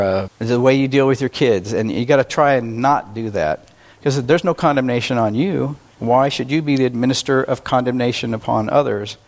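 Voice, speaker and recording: Male pastor, mid-pitched, conversational sermon delivery, slows down for emphasis. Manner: conversational and self-deprecating, with emphatic slowed phrases.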